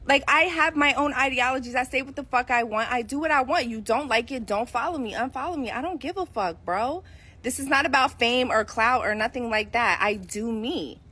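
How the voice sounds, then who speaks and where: A woman's voice: sits high, fairly quick, pushed and bright, slightly rough. A woman from Philadelphia in her forties, ranting bluntly and defiantly to the camera with lots of swearing. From Philadelphia, USA. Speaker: guest speaking in a played clip. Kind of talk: heated direct-to-camera rant.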